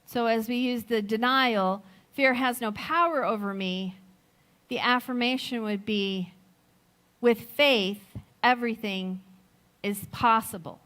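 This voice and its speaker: Slow, reflective woman giving a sermon. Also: a little high. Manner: slow, reflective, gently laughing while telling a story. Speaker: speaker at a Sunday service. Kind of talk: personal sermon with a story.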